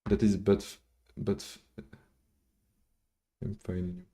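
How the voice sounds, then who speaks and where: A man's voice: on the low side, level tone, slow pace, mellow. A man whose first language is French, casually thinking aloud while live coding and chatting with viewers, swearing now and then. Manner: rambling, swears casually, chats with viewers between code steps. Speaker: coding livestreamer.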